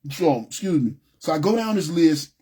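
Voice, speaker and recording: A man with a somewhat high, husky voice tells his personal testimony. He speaks in an emotional, halting way, restarting sentences and choking up with tears at times. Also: big pitch swings, mellow.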